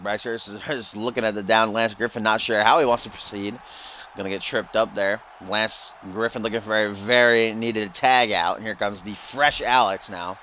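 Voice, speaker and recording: A young man calling a wrestling video game, play-by-play style, excitable and swearing casually, with his voice cracking when he shouts. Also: fairly low pitch, moderate pace, a little hiss or hum. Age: young adult. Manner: excitable, breaks into laughs and shouts at big moves. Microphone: cheap home mic.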